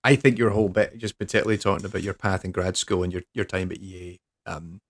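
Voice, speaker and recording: An English podcast host from England chats casually, rambling and poking fun at himself, restarting his sentences often. His voice is low and level, and he speaks fast.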